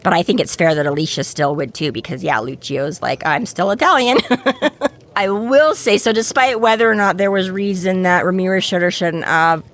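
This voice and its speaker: A woman from Canada with a fairly low voice co-hosts a casual book podcast. She rambles and restarts her sentences, and she circles around her points before she reaches them. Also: normal speed. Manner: rambling, many restarts and fillers. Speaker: podcast co-host.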